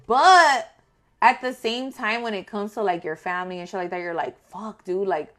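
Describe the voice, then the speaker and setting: A woman giving a casual tarot reading to her viewers, talking in a blunt, profane and animated way. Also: medium pitch, normal speed. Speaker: tarot reader.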